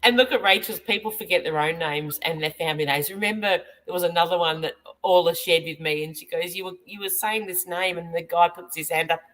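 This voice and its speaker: A woman's voice: fairly low pitch, brisk, hardly any pauses, fairly bright tone, low-quality recording. An Australian woman hosting a casual chat as a medium, reading viewer comments aloud and laughing often. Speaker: medium and host.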